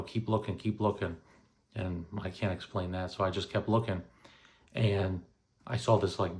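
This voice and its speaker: A man in his thirties casually telling a personal story, rambling with many fillers and restarts. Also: fairly low pitch. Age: 30s.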